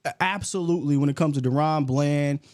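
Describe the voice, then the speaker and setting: A man hosting a sports show, arguing football in a casual, animated way and getting worked up. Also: on the high side, brisk. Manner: animated, gets worked up and loud. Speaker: sports podcast host.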